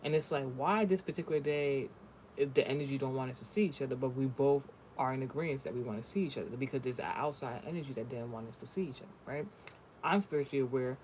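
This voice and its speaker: A man's voice: medium pitch, fast talker, darkish tone, a little hiss or hum. A man giving a spiritual reading in casual chat, talking bluntly and swearing freely as he tells stories. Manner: profane, blunt, storytelling. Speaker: spiritual reader.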